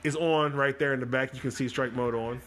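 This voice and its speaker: During his live stream, the bowling coaching show's host breaks down shots in a chatty, joking manner, talking quickly in bursts. His mid-range voice is a bit bright with fairly even intonation, and there is faint noise in the recording.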